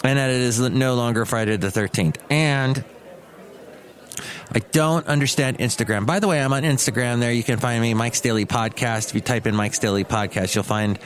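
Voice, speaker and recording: Man, mid-pitched, chatty solo podcaster who wanders off on tangents. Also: normal speed. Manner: rambling, chatty, digressive. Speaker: podcast host and radio DJ. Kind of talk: casual solo podcast monologue.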